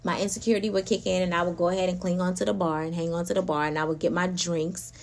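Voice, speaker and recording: A woman hosting a casual spiritual talk, animated and laughing often as she speaks straight to her listeners. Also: on the low side, fast talker. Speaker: podcast host.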